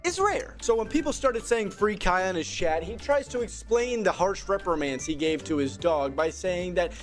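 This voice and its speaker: High, animated man narrating sarcastically. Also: moderate pace, soft background music. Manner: sarcastic, theatrical, with sudden shouts. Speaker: commentary video narrator. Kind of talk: scripted commentary narration.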